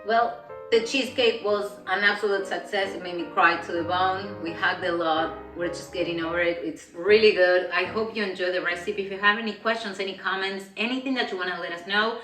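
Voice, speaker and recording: A woman's voice: medium pitch, steady tone, brisk, a bit bright. A woman from Argentina hosting a cooking show, chatting casually and gushing with emotion. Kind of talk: casual chat. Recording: echoey room, mic at a distance, music behind.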